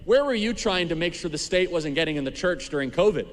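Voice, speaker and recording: Brisk rhetorical man in a hall. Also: a little high, animated. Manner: rapid, rhetorical questioning.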